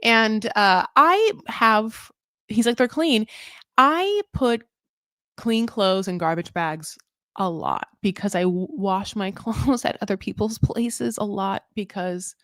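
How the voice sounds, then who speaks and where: A woman with a mid-range, fairly bright voice speaks slowly as she hosts a live show recap, in a dry, studio-quality recording. Her casual live-stream chat rambles, full of fillers, tangents and playful jokes at her own expense.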